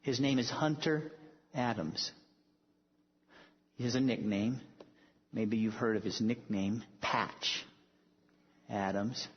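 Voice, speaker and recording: A man's voice: medium pitch, slow pace, long pauses, breathy edge. A male preacher giving a sermon, telling stories emphatically and building to bold declarations. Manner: emphatic storytelling, rising to declarations. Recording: echoey hall, dull lo-fi sound.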